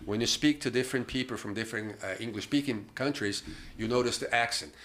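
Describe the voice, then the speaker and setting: A middle-aged Brazilian man hosting a casual podcast in English, with a Brazilian Portuguese accent. His voice is bright and forward, and he tells stories at length, stopping often to search for words. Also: medium pitch, quick pace, a little hiss or hum. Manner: talkative storyteller, hesitant with many uh fillers. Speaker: podcast host.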